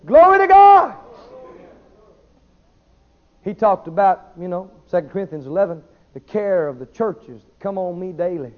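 A man preaching a sermon, swinging between shouted declarations and quiet asides. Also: high voice, fairly quick. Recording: dull lo-fi sermon recording.

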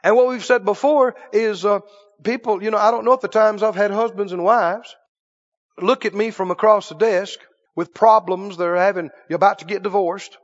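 A man pastors his congregation in an emphatic preaching style, often pausing to ask if they are with him. His voice sits high for a man. The recording is dull and muffled, with a long church reverb trailing behind him. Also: steady tone. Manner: emphatic preaching with call-and-response questions. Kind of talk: sermon. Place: church sanctuary.

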